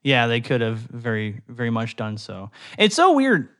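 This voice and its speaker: A man's voice: medium pitch, wildly swooping pitch, normal speed, a bit bright. A young man co-hosting a casual podcast, reading odd stories aloud and laughing often. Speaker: podcast co-host. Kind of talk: casual chat, reading trivia.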